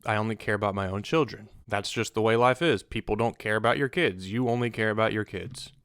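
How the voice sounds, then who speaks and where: 一个带美国南方口音的年轻男人，在录一段随意讲故事的视频。他语气恼火地吐槽顾客，声音圆润清晰，音高适中，录音很干，几乎没有回声。. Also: male voice, on the low side, a little fast, fairly bright tone, clean tone, no echo, studio quality. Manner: exasperated, ranting. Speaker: vlogger. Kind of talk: casual storytelling monologue.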